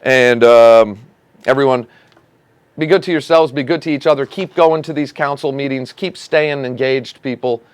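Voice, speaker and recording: A man's voice: medium pitch, moderate pace, smooth, no room sound. A man hosting a casual local politics show, ranting with sarcasm and indignation about his city council. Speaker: host of a local commentary show.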